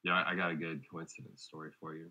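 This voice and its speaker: A man from Georgia co-hosting a casual podcast, a laid-back storyteller with deadpan jokes. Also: a bass voice, quick pace, lo-fi sound, background noise. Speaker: podcast co-host. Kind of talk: casual chat.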